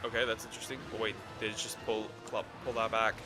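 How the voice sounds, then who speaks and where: A young man streaming a game, chatting casually, cursing and yelling in bursts at the monster he fights. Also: lowish voice, fast talker, music in the background. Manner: excitable, swears, yells at the game. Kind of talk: casual gaming commentary.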